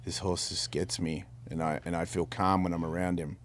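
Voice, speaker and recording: With slight background noise behind him, a middle-aged podcast co-host speaks in a deep, level voice, a little fast. He shares a personal story frankly and casually, rambling in earnest and often restarting or repeating words mid-sentence.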